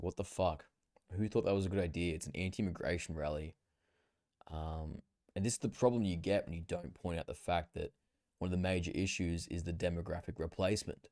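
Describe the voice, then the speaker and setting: A man's voice: deep voice, dark tone, no echo, studio quality. A young Australian man hosting a casual livestream, rambling with swearing, fillers and self-corrections. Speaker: livestream host. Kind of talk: casual solo livestream commentary.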